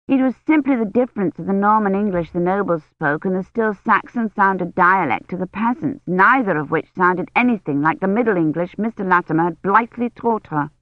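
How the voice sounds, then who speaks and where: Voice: mid-range voice, no room sound. Audiobook narrator, dry and slightly dull sound. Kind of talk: scripted narration.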